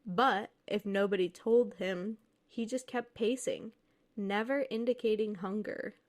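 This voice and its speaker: A woman's voice: mid-range voice, steady tone, a little slow. A woman podcast co-host reading listener stories aloud, then joking and laughing with her co-host. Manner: reads steadily, then jokes and laughs freely.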